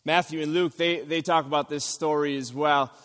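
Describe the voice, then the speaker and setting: In a church sanctuary with a long reverb tail, a man preaches as pastor, his voice a little high and fairly bright, with fairly even intonation at a normal speed. He sounds earnest, rising for emphasis.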